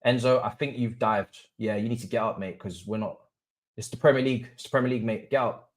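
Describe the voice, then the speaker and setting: A young man hosting a live football watch-along, swinging between low murmurs and excited chanting. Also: fast talker. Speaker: livestream host.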